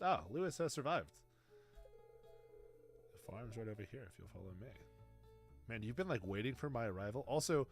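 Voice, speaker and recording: A young man streaming a game, with animated, joking commentary as he talks back to the game. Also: mid-range voice. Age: young adult. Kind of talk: casual gameplay commentary.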